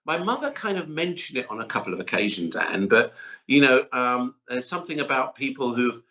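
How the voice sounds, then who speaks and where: A middle-aged man chatting as a chef guest in an interview, an animated, rambling storyteller. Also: medium pitch, a little fast. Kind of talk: casual interview chat. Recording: dull lo-fi audio.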